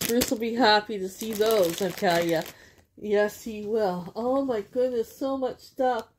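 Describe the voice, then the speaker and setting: A woman's voice: mid-range voice, measured pace, slight background noise. A Canadian woman chatting casually as she unpacks a gift package, gushing and laughing often. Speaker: vlogger opening a gift package. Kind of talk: casual unboxing chat. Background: crinkling bags and packaging.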